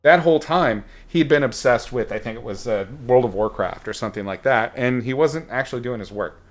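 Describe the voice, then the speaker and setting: A man's voice: mid-range voice, fairly quick. A man telling a story in a rambling, casual way while he paints, with many fillers and some blunt swearing. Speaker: painting instructor streaming a painting session.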